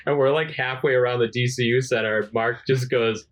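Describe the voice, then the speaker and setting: A man's voice: medium pitch, normal speed. A man co-hosting a podcast, telling a profane story in casual chat and acting out the people in it. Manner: profane, animated anecdote-telling with voiced quotes. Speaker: podcast co-host.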